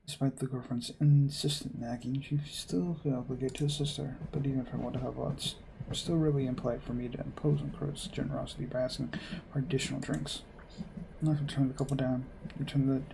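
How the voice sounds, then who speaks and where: A man reading a visual novel aloud and adding wry, deadpan asides. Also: mid-range voice, creaky, slight background noise, poor audio. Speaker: gamer playing a visual novel.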